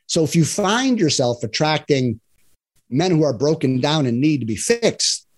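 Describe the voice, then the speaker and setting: A man's voice: a little high, lively intonation, a little slow. A man who works as a divorce and love coach, talking earnestly in a casual podcast conversation, often checking in with "right?". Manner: earnest, explanatory, acts out examples in other voices; frequent "right?" tag questions.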